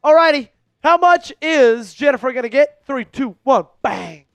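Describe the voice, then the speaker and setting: A man's voice: very high voice, animated, a little slow, vocal fry, a bit bright, no echo, muffled recording, faint music behind. A man hosting a fan live stream, running a raffle and calling plays from a game in a casual, hyped way. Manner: hypes donors and raffle, calls the game. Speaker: livestream host.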